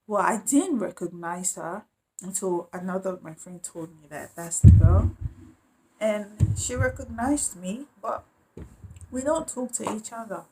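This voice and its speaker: Woman, casual storytime vlogger, animated, slips into other people's voices. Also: medium pitch, background noise. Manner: animated, acts out quoted voices.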